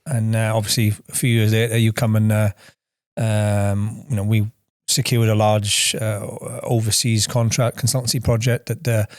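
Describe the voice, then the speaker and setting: A man hosting a podcast, asking long, halting questions with many restarts. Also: fairly low pitch, level tone, no echo, clean studio sound. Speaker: podcast host. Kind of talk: conversational interview questions.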